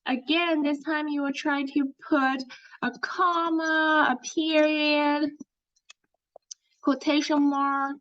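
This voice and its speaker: A woman teaching an English lesson, speaking slowly, clearly and encouragingly, as if to young learners. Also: high-pitched, fairly bright tone. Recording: dull lo-fi sound.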